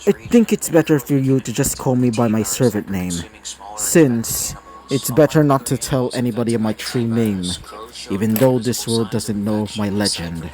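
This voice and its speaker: A man's voice: mid-range voice, expressive, normal speed, warm tone, pitched below the performer's own voice, close to an everyday voice. A man voicing a formal, guarded male servant who keeps his true name hidden.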